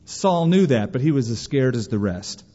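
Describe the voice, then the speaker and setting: Emphatic preacher in a reverberant hall. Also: male voice, lively intonation, normal speed, mellow. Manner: emphatic preaching, voices quotes with raised pitch. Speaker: pastor. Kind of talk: sermon. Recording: dull sound in a long-reverb hall.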